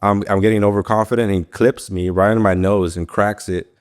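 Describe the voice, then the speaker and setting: A young professional MMA fighter, appearing as a guest in a casual interview, tells his story with plenty of fillers, rambling and swearing freely. His voice is lowish and steady, brisk, with a clean tone.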